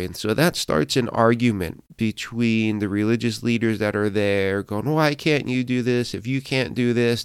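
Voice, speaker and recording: A man's voice: on the low side, smooth, no echo, studio quality. A man pastor giving a devotional podcast sermon, earnest and personal, with fillers and restarts, telling a Bible story in quoted voices.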